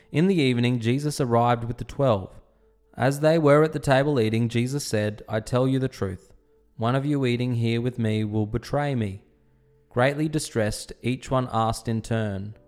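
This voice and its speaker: A man giving a dramatized scripture reading, slowing and softening for quoted speech. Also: mid-range voice. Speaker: scripture reader. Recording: soft instrumental music underneath. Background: faint instrumental music.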